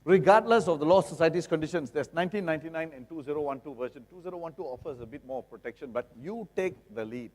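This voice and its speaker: A middle-aged man with a Singaporean English accent gives a lively, jokey seminar talk, often asking the audience rhetorical questions. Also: fairly high pitch, fast, hardly any pauses. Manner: jokey, acts out buyers and sellers. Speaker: lawyer giving a seminar talk. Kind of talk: seminar lecture. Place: seminar hall. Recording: long reverb of a seminar hall.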